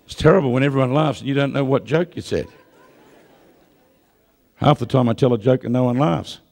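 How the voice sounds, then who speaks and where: A man preaching a live sermon, telling stories with jokes and building to loud proclamations. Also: mid-range voice, fairly quick, creaky, some chatter behind. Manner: lively storytelling with jokes, rising to loud proclamation. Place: church or hall with a live audience.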